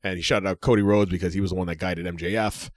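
Low-voiced rambling man in his forties. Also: fairly even intonation, quick pace, no echo, clean studio sound. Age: 40s. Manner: rambling, laughs often, many fillers. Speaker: podcast co-host. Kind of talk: casual chat.

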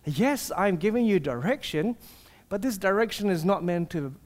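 A man voicing a gentle, soft-spoken Jesus. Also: high-pitched, expressive, normal speed. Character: gentle reassuring male Jesus, walking alongside.

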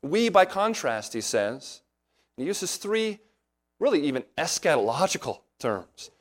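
A man's voice: on the high side, big pitch swings, a little slow. Guy preaching a sermon, earnest, explains things step by step, lots of rhetorical questions. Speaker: pastor. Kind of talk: expository sermon.

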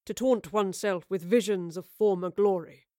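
A woman voicing a portly, wounded older gentleman. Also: high-pitched, moderate pace, no echo, clean studio sound, natural voice. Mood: shaken. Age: 40s. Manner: formal, old-fashioned phrasing. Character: older man, portly, wounded, dignified, melancholy.

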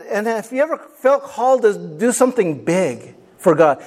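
Male pastor with a high voice, animated, dramatizes quoted voices while preaching. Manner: call and response with congregation. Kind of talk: sermon.

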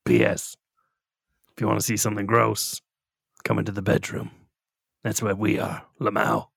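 A man putting on a deep, gruff voice to read a crude letter in a mock-solemn, deadpan way. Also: normal speed, no room sound, studio quality, full character voice.

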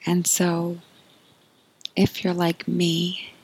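Slow breathy woman, soft and gravelly. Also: fairly low pitch, monotone, low-quality recording. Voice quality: breathy, often whispered delivery. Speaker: podcast host. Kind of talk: reflective spiritual monologue.

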